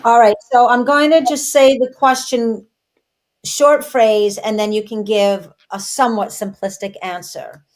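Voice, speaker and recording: A woman's voice: on the high side, steady tone, a little slow. A woman co-hosting an interview, who asks questions and keeps repeating her enthusiastic praise. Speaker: co-host.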